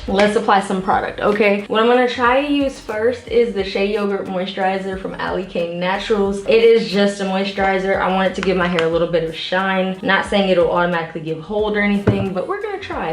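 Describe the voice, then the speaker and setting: A woman's voice: mid-range voice, darkish tone. A young woman chatting casually to her viewers while doing her hair, a little out of breath, with laughing asides. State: a bit out of breath from styling. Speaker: beauty vlogger. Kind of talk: casual hair vlog talking to camera. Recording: roomy echo.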